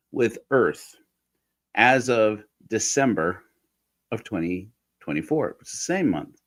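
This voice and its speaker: Low-ish voiced guy hosting a church livestream, casual and joking with viewers on a computer mic. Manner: chatty, jokey, talks straight to viewers. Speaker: livestream host of an atheist church.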